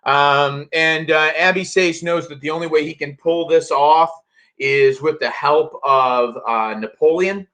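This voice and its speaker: A man's voice: fairly high pitch, a little slow, pushed and bright. A man teaching a casual history review lesson to students, talking loosely with many fillers and restarts. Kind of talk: casual classroom review lecture.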